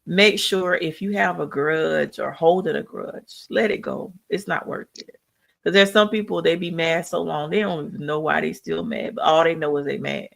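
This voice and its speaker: Hosting a live podcast tribute, this woman speaks earnestly and encouragingly, almost like a preacher. Her low, gravelly voice holds a steady tone at a normal pace.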